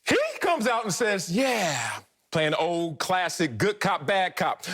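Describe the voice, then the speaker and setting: A man's voice: very animated, slow pace, a bit bright, husky. A middle-aged man co-hosting a sports talk show, arguing emphatically and playfully. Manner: emphatic, playful, swoops high and low. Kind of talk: animated sports debate.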